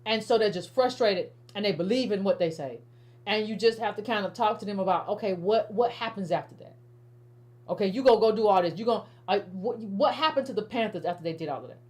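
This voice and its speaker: A woman's voice: medium pitch, a little fast. A woman hosting political commentary in a casual, emphatic style, often repeating herself and restarting sentences as she talks straight to her viewers. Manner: emphatic, repetitive, stammering restarts, addresses viewers as family. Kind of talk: casual direct-to-camera commentary.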